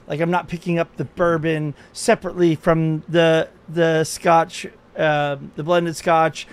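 Halting man co-hosting a tasting chat. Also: on the high side. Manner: halting, many restarts and fillers. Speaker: co-host.

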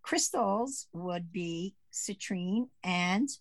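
A woman co-hosting a podcast in casual chat, explaining pagan holidays at a relaxed pace with many fillers. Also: fairly low pitch, very slow, no room sound. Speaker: podcast co-host.

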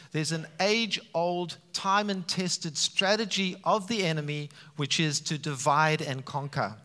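A man preaching a sermon, animated and emphatic, with frequent rises for emphasis. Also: on the high side. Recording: reverberant hall sound.

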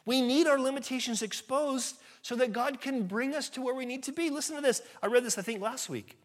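A pastor giving an earnest, conversational sermon, his voice swelling louder at times. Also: very high voice, fairly quick. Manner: earnest, conversational preaching with sudden rises in volume.

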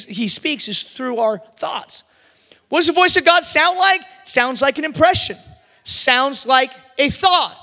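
A man preaching with a very high, bright and forceful voice. He surges into shouts and then drops almost to a whisper. His words ring out with the long reverb of a big church hall. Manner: animated preaching, swinging from shouts to near-whispers. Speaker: pastor. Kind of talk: sermon. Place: church service.

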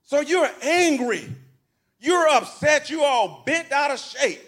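A man's voice: very high voice, expressive, slow, a bit bright. A pastor preaching a sermon in a church, talking to his congregation in a folksy, conversational way, asking them questions and repeating phrases. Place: church sanctuary.

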